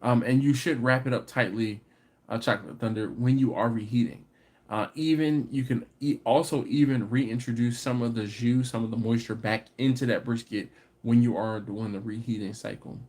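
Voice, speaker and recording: A man hosts a barbecue live stream, reading out viewer comments and answering them in easygoing, casual talk. He laughs readily and his voice climbs when something annoys him, turning into animated, exasperated rants. His pitch sits in an ordinary middle range for a man. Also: normal speed. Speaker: barbecue channel host.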